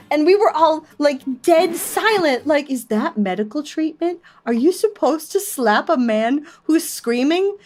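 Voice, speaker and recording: A woman streamer casually telling a story to her chat, laughing often and acting out the voices of panicked people. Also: high voice. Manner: shrieks when quoting panicked people.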